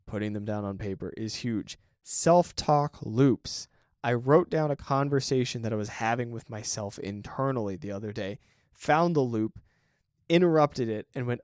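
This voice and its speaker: Guy thinking out loud on his podcast, mid pitch, dry close sound, keeps asking right?. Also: normal speed, no echo. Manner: reflective, conversational, often asks "right?". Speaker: podcast host. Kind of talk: casual solo talk on creative work.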